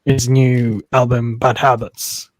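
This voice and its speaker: A man and live streamer chatting casually, rambling with many fillers and pauses. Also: medium pitch, flat delivery, dry recording. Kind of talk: casual chat.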